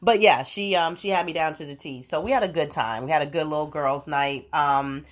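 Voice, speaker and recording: A woman's voice: deep voice, brisk. A young adult woman hosting her own podcast, chatting casually in a rambling, profane way with frequent laughs. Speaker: podcast host. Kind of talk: casual solo podcast chat.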